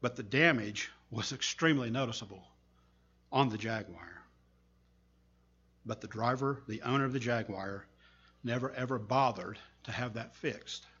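A man preacher giving a sermon, telling a story with earnest, slow, emphatic pauses. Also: mid-range voice, fairly bright tone, husky, lo-fi sound.

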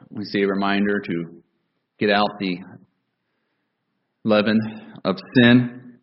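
A man preaching a sermon to his congregation. He speaks in a measured way and repeats key phrases for emphasis. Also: on the low side, dull audio. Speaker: pastor.

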